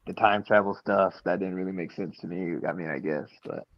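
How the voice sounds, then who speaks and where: Deep voiced guy stammering a bit on a group call, muffled mic. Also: fairly quick. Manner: stammering, eager questions. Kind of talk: casual group chat on a call.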